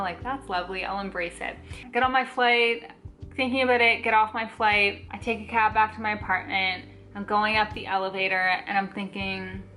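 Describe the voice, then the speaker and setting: A young woman vlogs to camera, telling a personal story in a chatty, animated way packed with "like" fillers. Her voice is mid-range and fairly quick.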